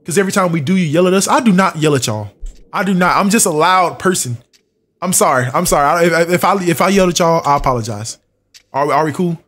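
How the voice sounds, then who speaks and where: A man's voice: on the high side, animated, fast, a bit bright. A young man streaming a horror game live, muttering checklists to himself, swearing and talking back to his chat. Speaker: gaming streamer.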